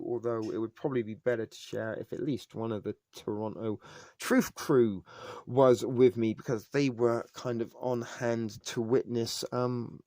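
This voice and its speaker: A man's voice: lowish voice, a little mellow, dry recording. A middle-aged man, chatting loosely and jokily on his live stream, full of fillers and tangents. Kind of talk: casual live stream chat.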